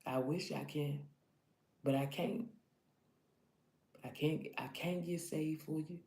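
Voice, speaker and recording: A woman's voice: low-pitched, steady tone, takes it slowly, vocal fry, mellow, reverberant. A woman in her thirties giving an earnest, preachy motivational talk to her followers, often repeating herself to drive points home. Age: 30s. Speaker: vlogger.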